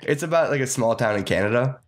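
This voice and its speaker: A man's voice: mid-range voice, animated, a little hiss or hum. A young man co-hosting a podcast in casual chat, joking around and swearing freely. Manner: quick, joking, swears a lot. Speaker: podcast co-host.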